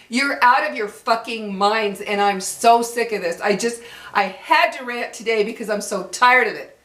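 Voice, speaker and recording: A furious older woman vents her frustration straight at her viewers, swearing freely and hammering her points with repetition. Her voice is bright and forceful, sitting a little high for a woman. The room around her rings with noticeable echo. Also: normal speed. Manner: heated, cursing, emphatic, repeats herself. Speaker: vlogger. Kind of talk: angry rant to camera.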